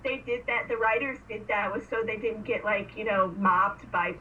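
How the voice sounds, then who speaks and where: A woman's voice: mid-range voice, normal speed, bright, forceful tone, distant mic. A woman co-hosting a casual podcast, giggling as she retells a TV episode and acts out the characters' lines. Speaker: podcast co-host. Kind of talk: casual chat recapping a TV episode. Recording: dull lo-fi sound, faint hiss, a bit off-mic.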